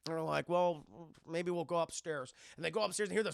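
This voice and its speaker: A man streaming a casual, profane film recap, rambling and acting out scenes in quick voices. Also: sits high, vocal fry, a bit bright, dry recording, studio quality.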